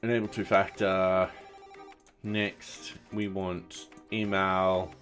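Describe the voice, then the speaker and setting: A man live-streaming his coding work, thinking aloud and narrating each step as he tests his software in a relaxed, offhand way. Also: deep voice, slow, soft background music. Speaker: software developer streaming his open source project.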